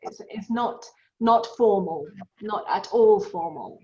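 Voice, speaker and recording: A woman's voice: mid-range voice, takes it slowly, background noise. A woman teaching an online English class, patiently explaining vocabulary with examples. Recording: dull lo-fi sound.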